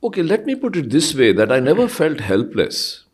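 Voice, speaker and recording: A man, speaking as an interview guest in a thoughtful, hesitant way with many pauses and fillers. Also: fairly high pitch, huge pitch swings, breathy edge. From India. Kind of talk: reflective interview conversation.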